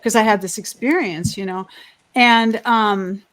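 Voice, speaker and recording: A woman's voice: mid-range voice, a little slow, a bit bright. Rambling, heartfelt woman on a video call. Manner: rambling and heartfelt, with frequent restarts. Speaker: panelist. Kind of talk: candid personal sharing.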